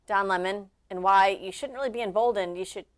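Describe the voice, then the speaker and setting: A woman's voice: medium pitch, fairly quick. A woman hosting a casual political commentary show, chatty and full of fillers. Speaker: host.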